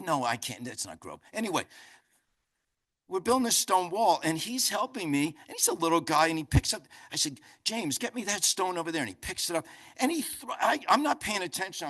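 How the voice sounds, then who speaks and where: Older man, New Jersey accent, animated motivational speaker, bright voice. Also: on the high side. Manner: loud, talkative, animated storyteller. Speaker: keynote speaker. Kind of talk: motivational speech. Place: conference center.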